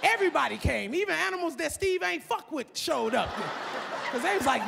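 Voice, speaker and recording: A woman doing stand-up comedy on a club stage, loud and profane, shouting her punchlines at the audience. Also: high-pitched, lively intonation, brisk, vocal fry, in a large hall, noisy background. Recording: live club, audience laughter.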